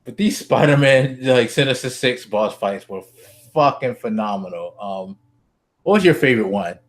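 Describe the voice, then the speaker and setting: A man co-hosting a casual gaming podcast, talking excitedly with lots of swearing and fillers. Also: mid-range voice, moderate pace. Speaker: podcast co-host.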